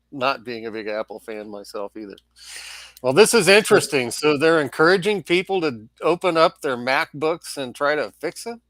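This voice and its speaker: A man's voice: fairly high pitch, lively intonation, moderate pace, fairly bright tone, no echo. A man co-hosting a tech podcast, chatting casually with a wry tone and frequent chuckles. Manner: wry, chuckles at his own remarks. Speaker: podcast co-host.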